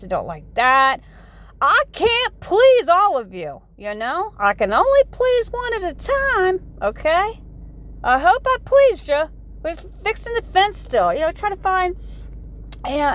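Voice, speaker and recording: A woman's voice: high voice, a bit bright. A woman in her forties from the United States, talking in a rambling, folksy vlog monologue full of "you know" asides. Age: 40s. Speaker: vlogger.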